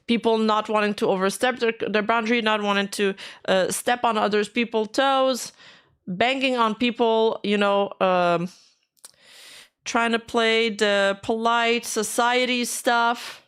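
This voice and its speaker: A woman's voice: mid-range voice, clear, resonant tone. A woman streamer giving casual commentary while reading out posts, skeptical and frustrated, speaking bluntly and swearing now and then.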